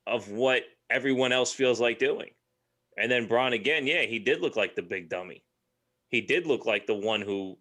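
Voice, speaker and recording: A man's voice: mid-range voice, pushed and bright. A man co-hosting a casual podcast, giving opinions in a thoughtful, hedging way. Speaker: podcast co-host. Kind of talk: casual chat.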